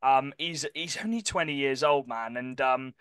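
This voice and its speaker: A man co-hosting a casual sports podcast, chatty and quick to correct himself mid-sentence. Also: mid-range voice, fairly bright tone, clean tone, no echo. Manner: chatty, self-correcting, apologetic about pronunciation. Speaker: podcast co-host.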